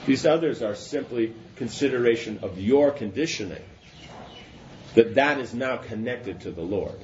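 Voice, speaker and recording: A man's voice: medium pitch, normal speed, darkish tone. A man giving a scripture class in a loose, conversational way, often stopping to ask if his listeners follow. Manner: conversational, checks understanding with asides. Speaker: religious teacher. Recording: dull lo-fi with faint noise.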